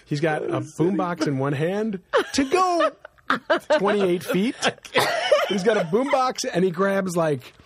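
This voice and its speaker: A man's voice: sits high, very animated, measured pace, crowd noise. A middle-aged man in casual chat, telling rambling anecdotes and often laughing as he talks.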